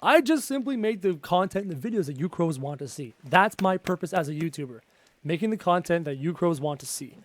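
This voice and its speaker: A man giving chatty live gameplay commentary, excitable and often yelping at enemies. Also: a little high, brisk. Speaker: gaming YouTuber.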